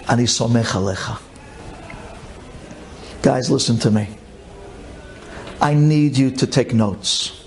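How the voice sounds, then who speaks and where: A rabbi giving an impassioned storytelling sermon, fervent and pleading, repeating phrases and swinging from low calm to high emotional cries. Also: male voice, slow pace, pauses often. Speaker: rabbi telling an inspirational story.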